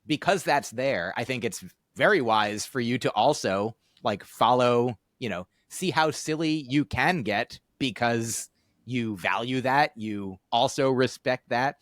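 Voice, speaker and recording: A man's voice: medium pitch, a bit bright, no room sound, clean studio sound. A man hosting a podcast, talking in a casual, thoughtful, rambling way with many fillers and restarts. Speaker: podcast host. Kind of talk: casual conversational podcast chat.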